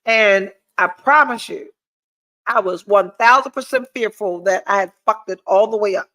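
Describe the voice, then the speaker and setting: A woman's voice: medium pitch, normal speed, a bit bright, rough recording. A woman, hosting a podcast and telling a candid personal story with blunt, profane energy, her nose audibly stuffy. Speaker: podcast host. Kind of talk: candid solo livestream chat.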